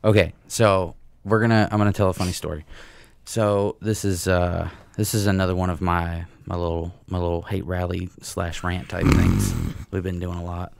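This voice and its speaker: A man's voice: low-pitched, level tone, normal speed, creaky, few pauses, clear, resonant tone. A man co-hosting a casual comedy podcast, telling profane, ranting stories. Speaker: podcast co-host. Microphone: podcast mic.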